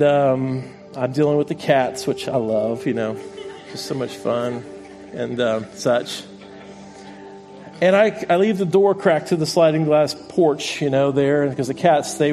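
Over soft background music, a middle-aged pastor with a slightly high, darkish voice speaks at normal speed. His sermon includes a family story told in a chatty, self-mocking way, and he closes in prayer.

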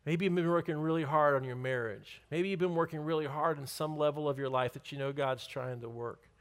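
A man preaching a sermon in a conversational, joking way. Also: on the high side. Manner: conversational, joking, drawn-out stresses. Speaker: pastor.

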